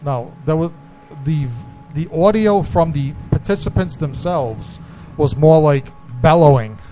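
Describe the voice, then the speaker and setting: A man's voice: fairly high pitch, a little slow, dark tone, faint music behind. A man hosting a radio show, bantering casually and wryly in a studio, often trailing off mid-sentence.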